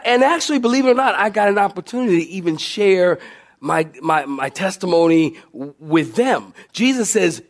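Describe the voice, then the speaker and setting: A man preaching a sermon as pastor, telling a humorous personal story to his congregation with animated delivery. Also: high voice. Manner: southern-style "y'all" to congregation.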